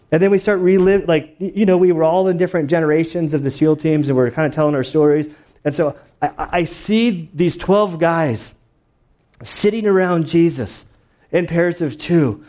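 A man's voice: fairly high pitch, expressive, normal speed, dark tone. Conversational male pastor preaching. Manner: conversational storytelling with many fillers. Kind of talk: sermon.

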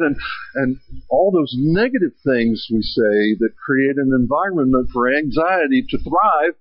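A man preaching a sermon, swelling with emphasis and slowing down on key phrases. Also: mid-range voice, animated, breathy edge, dry recording, muffled recording. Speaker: pastor.

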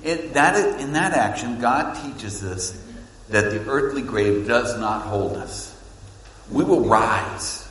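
A man preaching a sermon as pastor, swinging between loud emphasis and hushed, low lines. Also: slow pace, a little hiss or hum. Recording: echoey hall with long reverb.

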